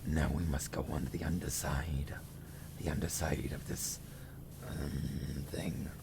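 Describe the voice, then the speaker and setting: Demon lord voice, very low, gravelly fry, grandiose and grumpy, game stream. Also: male voice, fairly even intonation, unhurried, background noise, full character voice. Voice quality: deep gravelly growl. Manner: theatrical, grandiose narration with crude asides. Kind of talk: live-stream character voice.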